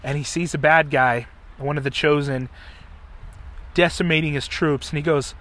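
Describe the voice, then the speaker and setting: A middle-aged man hosting a podcast, casually retelling a story in an animated way and acting out the quotes. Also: a little high, moderate pace. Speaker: podcast host.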